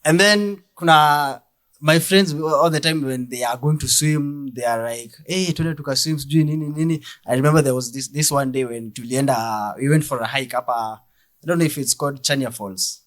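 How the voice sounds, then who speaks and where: A young Kenyan man with a Kenyan accent performing a deadpan stand-up comedy set, mixing English and Swahili. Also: medium pitch, moderate pace.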